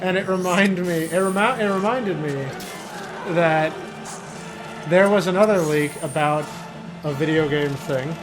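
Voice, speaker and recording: A man's voice: a little high, a little slow, long pauses, noisy background. A man streaming and chatting casually, rambling and interrupting himself while he talks. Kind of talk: casual chat while gaming.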